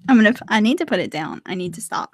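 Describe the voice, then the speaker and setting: A woman's voice: medium pitch, very animated, fast, slight background noise. A young adult woman chatting casually to viewers on a live stream from her art desk at home, laughing often.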